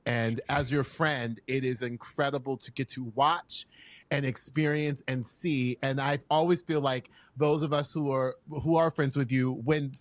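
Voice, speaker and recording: A man hosting a casual podcast interview, excitable and gushing, sometimes bursting into shouts. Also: mid-range voice, dry recording. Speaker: podcast host.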